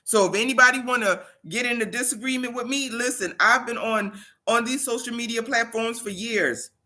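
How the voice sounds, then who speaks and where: Woman, motivational livestream host; bright, forceful delivery, emphatic and preacherly. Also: fairly high pitch, normal speed. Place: home in South Carolina.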